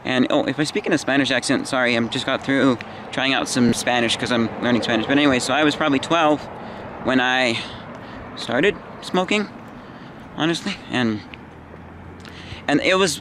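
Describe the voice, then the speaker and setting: A man's voice: mid-range voice, fairly bright tone, slight background noise. Rambling tired man in his twenties. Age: 20s. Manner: halting, meandering, many restarts and fillers. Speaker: vlogger. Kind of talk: rambling personal vlog.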